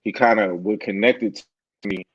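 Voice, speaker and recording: Guest, man from Philadelphia, low voice, dry close sound, measured and reflective. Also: steady tone, no echo, lo-fi sound. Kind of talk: casual group chat. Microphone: video call.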